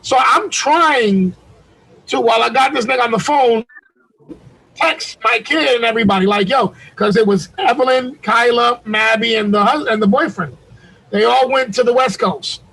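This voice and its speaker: Middle-aged man, very high voice, loose slangy storyteller with lots of swearing, heard over a video call. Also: normal speed, gravelly, slightly rough, rough recording. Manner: animated, profane, slangy storyteller. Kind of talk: casual storytelling on a group call.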